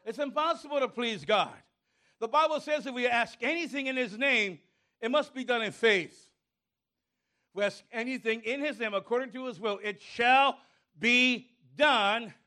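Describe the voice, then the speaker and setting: A male pastor preaching a sermon, calling on the congregation and rising to shouts. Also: very high voice.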